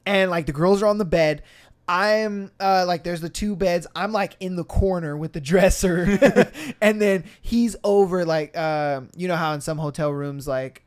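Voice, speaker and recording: A man hosting a podcast, telling a story casually, acting out quotes and swearing often. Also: unhurried. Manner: animated, acts out quotes with shifting pitch and volume, laughs and swears often. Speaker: podcast host.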